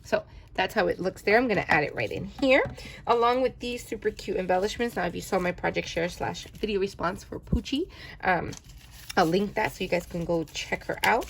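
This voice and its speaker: A woman's voice: medium pitch, fairly quick, gravelly, slight background noise. A woman vlogger chatting through her craft projects, gushing and often correcting herself. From New York. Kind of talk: casual show-and-tell narration.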